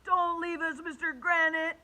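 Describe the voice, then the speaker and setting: A woman reading a storybook and voicing excited young schoolchildren, high-pitched and pleading. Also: a little slow, exaggerated voice.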